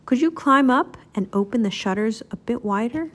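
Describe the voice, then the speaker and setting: A woman's voice: on the high side, lively intonation, normal speed. A woman voicing a gloating, cackling male villain professor from a storybook. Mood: scheming.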